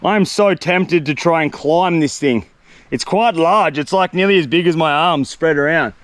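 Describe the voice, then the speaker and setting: A young man, chatting excitedly and slangily to the camera while exploring a tropical jungle outdoors. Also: a little high, normal speed, no echo. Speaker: survival vlogger. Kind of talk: solo outdoor vlog narration.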